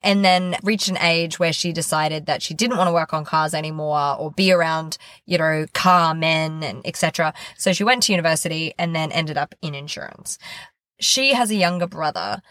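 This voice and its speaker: A woman co-hosts a book podcast, her voice sitting on the low side and recorded dry and close. She chats casually, tossing in quick self-deprecating asides. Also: fairly bright tone, no room sound. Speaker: podcast co-host. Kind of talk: casual book-review chat.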